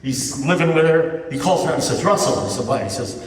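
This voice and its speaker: A man's voice: on the high side, fairly quick, recorded from a distance, a little hiss or hum. A man speaking at a recovery meeting, telling a story to an audience in a conversational way, often asking "you know what I mean?". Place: large meeting hall with an audience. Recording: echoey hall, mic heard from afar.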